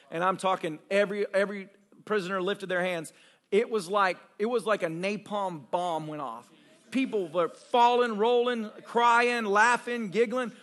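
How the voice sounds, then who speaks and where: A man preaching with a very high, bright, forceful voice, telling his stories with excited energy. He restarts phrases as the excitement runs ahead of him, and speaks as a pastor addressing his congregation in a church service. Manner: excitable, animated storyteller with fast restarts. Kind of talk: sermon testimony storytelling.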